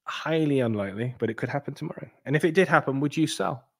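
A man hosts his own crypto channel and talks casually to his viewers. His delivery rambles, with many restarts and asides. He swings between low, mumbled stretches and sudden animated bursts. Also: fast.

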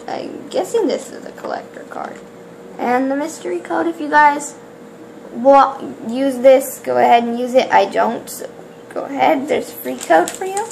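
A woman opening toy blind bags on camera in casual chat, excitable and gasping, who rambles with trailing restarts. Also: high-pitched, gravelly, slight background noise. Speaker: toy unboxing vlogger.

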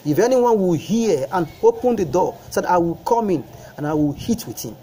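High-voiced male preacher, mellow tone. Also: big pitch swings, moderate pace, a little hiss or hum, poor audio. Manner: preaching with rising fervor, repeating phrases; praying in a low, soft voice. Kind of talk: sermon.

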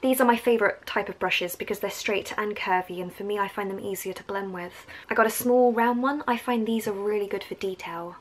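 A woman's voice: mid-range voice, fairly quick, few pauses, slight background noise, rough recording. Chatty young woman with Essex accent. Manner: chatty and enthusiastic, going on tangents. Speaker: art vlogger. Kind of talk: casual vlog talk. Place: at home.

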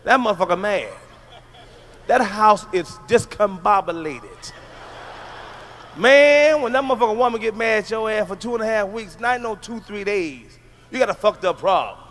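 A man doing a stand-up comedy routine, brash and profane, breaking into sudden shouted bursts. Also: sits high, moderate pace.

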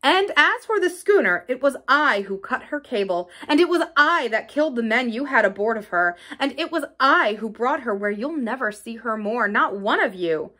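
A woman's voice: fairly high pitch, lively intonation, moderate pace, few pauses, pushed and bright. A woman reading the lines of a brave teenage boy, speaking out with impassioned defiance. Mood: defiant. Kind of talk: audiobook character reading.

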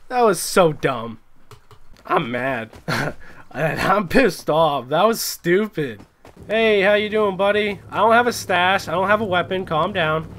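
A young man giving casual, excitable gameplay commentary, swearing and chatting with other players. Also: high-pitched, takes it slowly. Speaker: gaming YouTuber.

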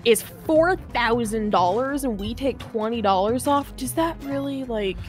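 A woman's voice: on the high side, takes it slowly, soft background music. A young woman casually telling a long work story, acting out customers' lines and laughing often.

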